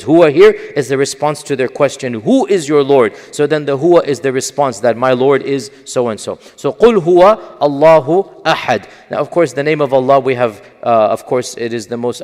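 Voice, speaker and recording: A man giving an explanatory lecture on Quran commentary, stressing Arabic terms with a lifted voice. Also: mid-range voice. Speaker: Islamic scholar lecturing. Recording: long hall reverb.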